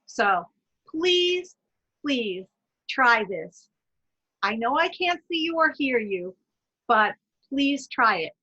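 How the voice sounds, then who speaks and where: A woman with a bright, slightly husky, fairly high voice leads a guided laughter yoga lesson. She talks in a chatty, encouraging way and breaks into loud chanted laugh sounds. The audio is dull and lo-fi, like an online talk recording. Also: big pitch swings, slow, pauses often. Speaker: wellness presenter.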